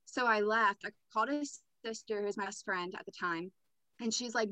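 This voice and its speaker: Young woman guest spilling her story, bright voice, dry close sound, lots of likes and ums. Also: mid-range voice, moderate pace, dry recording, rough recording. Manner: candid, matter-of-fact recounting with filler words. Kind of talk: personal storytelling in a podcast interview.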